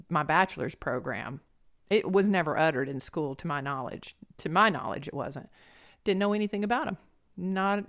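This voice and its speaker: A middle-aged Southern woman talks straight into her podcast, earnest and candid. Her voice sits on the low side, and she wanders, restarts and circles back as she thinks aloud. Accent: Southern American. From Southern United States. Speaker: podcast host. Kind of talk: personal monologue podcast.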